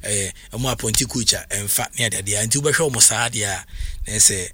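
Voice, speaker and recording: A man's voice: fairly low pitch, normal speed, bright, forceful tone, husky. A Ghanaian man hosting a sports radio talk show, chatting loosely with many fillers.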